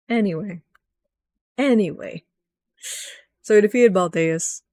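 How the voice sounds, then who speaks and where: A young woman recapping a video game in a rambling, excitable rant, swearing often and jumping up in pitch when frustrated. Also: measured pace, dry recording, clean studio sound. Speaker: gaming vlogger.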